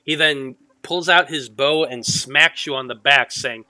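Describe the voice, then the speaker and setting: A man's voice: medium pitch, a little slow, few pauses, bright, forceful tone, no echo, rough recording. A man narrating as game master, loose and profane, often restarting his sentences.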